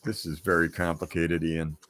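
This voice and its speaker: A man, a guest cartoonist, chatting casually on a live stream and pitching a comic idea with wry teasing. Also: level tone, normal speed, fairly bright tone.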